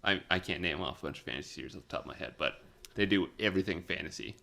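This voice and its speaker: A young man co-hosting a casual podcast, laid back and quick to agree and laugh along. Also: low-pitched, vocal fry, sharp tone. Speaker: podcast co-host. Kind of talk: casual chat. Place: shared room with co-hosts.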